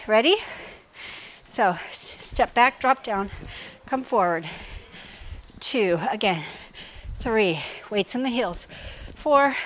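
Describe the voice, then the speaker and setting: A woman fitness coach leading a workout, counting reps and giving form cues, out of breath and breathy between sets. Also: fairly high pitch, a bit bright.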